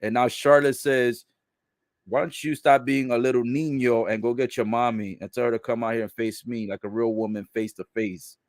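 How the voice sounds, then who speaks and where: A man giving a casual live recap of a wrestling show, relaying what is said in the ring and reacting with laughs and loud exclamations. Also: mid-range voice, fairly even intonation, normal speed, no echo, clean studio sound. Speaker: live wrestling watch-along commentator.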